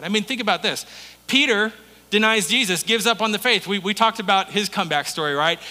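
Bright-voiced male pastor preaching. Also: sits high, fairly quick, in a large hall. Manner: conversational storytelling preaching. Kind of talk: sermon.

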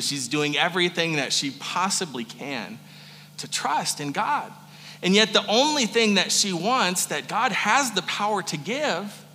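A male pastor preaching a sermon in a conversational manner, moving from joking asides to hushed earnestness. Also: a little high, in a large hall, a little hiss or hum.

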